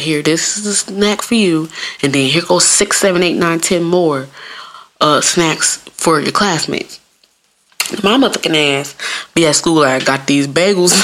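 Young woman host, lowish voice, swears and laughs through a loose comedic monologue. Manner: profane, laughing, animated storytelling. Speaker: podcast host.

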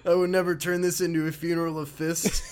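A man co-hosting a casual chat about a video game, excitable and laughing often as he retells scenes. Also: a little high, quick pace, slight background noise. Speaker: podcast co-host.

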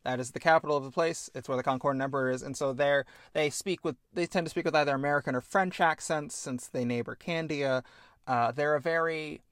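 A man's voice: fairly high pitch, fairly even intonation, a little fast, a bit bright, dry recording, clean studio sound. A man hosting a podcast, explaining at length in a casual, enthusiastic way and often correcting himself mid-sentence. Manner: rambling, enthusiastic, self-correcting. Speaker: podcast host.

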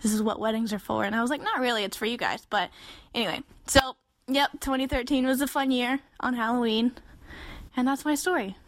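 A woman in her twenties, a podcast co-host, telling a story in a casual, animated way and acting out the voices she quotes. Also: fairly quick, dry recording. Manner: animated, acts out quoted voices with big jumps in pitch.

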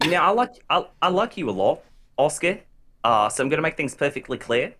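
Someone doing a bossy ogre w a new zealand accent, pitch jumps all over, bit of hiss behind. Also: sing-song, fairly quick, fairly bright tone. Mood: possessive. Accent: New Zealand, put on. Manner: possessive, mock-stern, rambling. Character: Shrek as a bossy, territorial ogre. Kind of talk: improv comedy sketch.

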